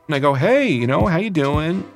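A man telling a personal story aloud, animated and acting out the people in it. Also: a little high, normal speed, over music.

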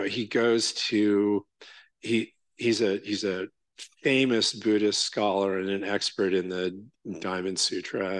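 A Zen teacher giving a dharma talk in a casual, halting way, full of fillers and check-ins with the listeners. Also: male voice, on the low side, a bit bright, no room sound.

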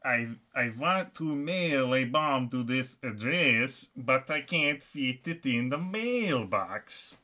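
A man voicing a frustrated Frenchman with a put-on French accent, halting and repeating himself. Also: mid-range voice, expressive, bright, forceful tone. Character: frustrated French man trying to mail a package.

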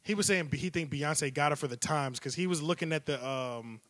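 A man's voice: fairly high pitch, moderate pace, a bit bright, no echo. A man hosting a podcast in casual chat, laid-back and joking with plenty of slang. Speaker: podcast host.

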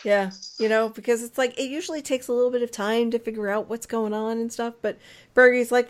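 A woman co-hosting a casual sports podcast, chatty and emphatic as she recaps a game. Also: on the high side. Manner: chatty and emphatic, quick laughs. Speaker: podcast co-host.

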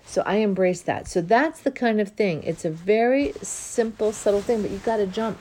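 A woman hosting a spiritual self-help show, talking earnestly and reflectively with drawn-out pauses. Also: medium pitch, darkish tone, a little hiss or hum. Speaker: host and life coach.

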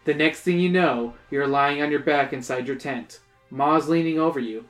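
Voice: mid-range voice, normal speed, soft background music. A host reading a choose-your-own-adventure book aloud to friends, adding playful jokes and laughing along the way. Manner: playful, joking asides, laughs while reading. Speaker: reader and host.

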